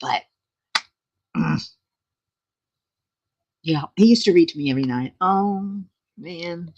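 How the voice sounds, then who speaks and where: A woman's voice: on the low side, slow, a little mellow, dull audio, a little hiss or hum. A woman hosting her own channel, chatting casually with viewers, laughing often in a playful way. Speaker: channel host.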